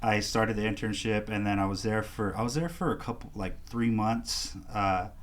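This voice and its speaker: Man, thirties, from southern california, slightly low voice, casual slangy storytelling, acts out quotes. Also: moderate pace. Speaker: guest artist.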